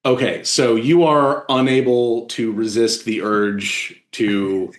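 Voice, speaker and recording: Slow, halting male game master. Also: medium pitch, fairly even intonation, reverberant. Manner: halting, many fillers and restarts. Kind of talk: narrating a tabletop game.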